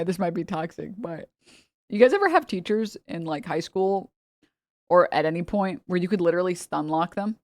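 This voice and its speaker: A young woman streamer giving casual, joking reaction commentary, chatty and quick to laugh. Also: fairly low pitch, dry recording.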